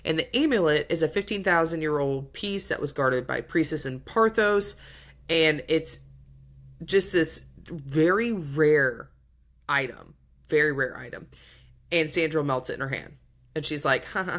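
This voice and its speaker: A woman's voice: low voice, measured pace, fairly bright tone. A woman co-hosting a book podcast, casually retelling a plot with acted-out quotes and swearing. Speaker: podcast co-host.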